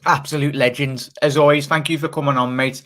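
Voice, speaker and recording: A man's voice: on the high side, steady tone, fairly quick, a bit bright. A man hosting a casual live stream, reading out viewers' comments in a chatty way and laughing often. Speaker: channel host.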